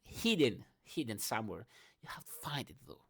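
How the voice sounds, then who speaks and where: A man with a mid-pitched voice delivers an unscripted morning rant in non-native English. He is emphatic and profane, jumping between loud bursts and quiet mutters, with many fillers and restarts. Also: sing-song, normal speed, gravelly, breathy edge. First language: not English. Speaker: vlogger.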